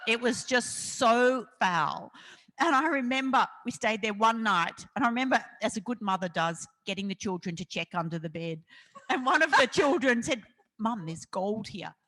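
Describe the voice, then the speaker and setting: A woman's voice: on the high side, moderate pace. Laughing Australian woman telling stories. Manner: animated anecdotal storytelling with frequent laughter. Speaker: investigative journalist, guest. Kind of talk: storytelling interview on stage. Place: festival event hall. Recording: long hall reverb.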